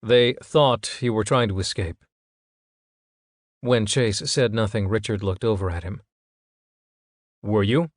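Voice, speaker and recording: A man giving scripted audiobook narration in a steady, even reading. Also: lowish voice, unhurried, pauses often, no echo, clean studio sound.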